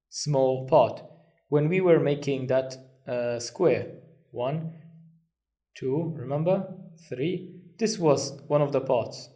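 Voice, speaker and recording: A man's voice: a little high, warm tone. A man teaching a language lesson, patient and reassuring, counting strokes aloud as he writes. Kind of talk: step-by-step lesson.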